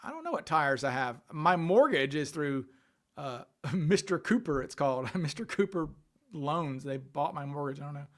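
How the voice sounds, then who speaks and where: A man's voice: on the high side, lively intonation, moderate pace, fairly bright tone. A man hosting a casual livestream, thinking aloud and answering questions from viewer chat. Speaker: livestream host.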